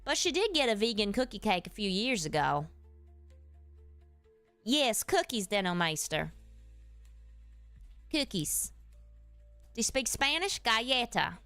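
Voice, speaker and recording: A woman's voice: a little high, very animated, measured pace, long pauses, fairly bright tone, no room sound, soft background music, exaggerated voice. A woman voicing a folksy, easygoing streamer character with a Southern accent, chatting with viewers while she plays. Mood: chatty. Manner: folksy, addresses chat as y'all. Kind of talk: live stream chat while playing.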